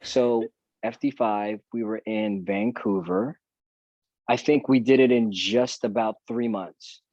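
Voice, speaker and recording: A man talks through a video call, relaxed and joking as he tells stories from his career. His voice comes through dull and dry, with little room sound. He speaks at an ordinary pitch. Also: slow pace, creaky, no room sound. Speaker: actor guest. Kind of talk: casual podcast chat.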